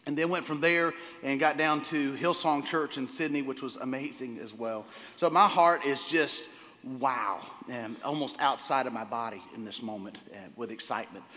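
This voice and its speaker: Enthusiastic pastor preaching in a reverberant hall. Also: male voice, medium pitch, normal speed, sharp tone. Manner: enthusiastic, repeats words, many fillers. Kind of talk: sermon. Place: church sanctuary.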